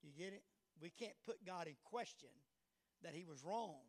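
A man preaching a sermon as pastor, swinging from quiet asides to shouted passages and asking the congregation questions. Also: on the high side, expressive, moderate pace. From United States.

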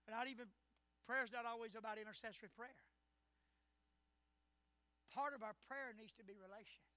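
A middle-aged man delivers a Pentecostal sermon in a very high, strikingly bright voice. He climbs to shouted peaks and then falls back to quiet confidences. The sound is close and dry, with little room echo. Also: fairly even intonation, a little fast. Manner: swings between shouted climaxes and hushed asides. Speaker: pastor. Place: church service.

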